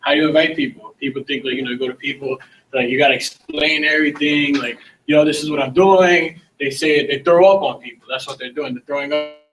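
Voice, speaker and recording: A man's voice: medium pitch, fast talker. Laid-back male trainer, slangy talk. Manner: relaxed, slangy, acting out sample conversations. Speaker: sales trainer. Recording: voice from some distance from the mic.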